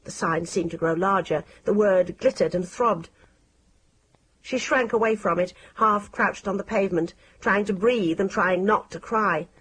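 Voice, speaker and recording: A woman narrating an audiobook in a measured, expressive reading style. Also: medium pitch, a little hiss or hum.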